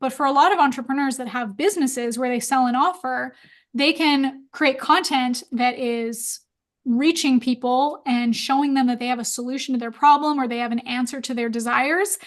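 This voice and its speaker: High-pitched woman running a live webinar q&a, chatty and upbeat. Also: normal speed. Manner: chatty, upbeat, quotes clients in voices. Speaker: webinar host.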